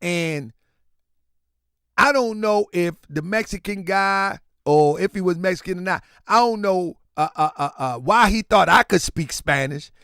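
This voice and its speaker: A man hosting a show and giving a casual commentary monologue. He tells stories in an animated way and keeps saying "man". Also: sits high, a little slow, smooth, dry recording, clean studio sound. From Baltimore. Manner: animated storyteller, repeats "man" often. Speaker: show host.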